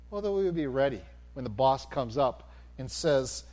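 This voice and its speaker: A man preaches a sermon at a normal speed, animated and moving from near-shouts down to a calm, low delivery.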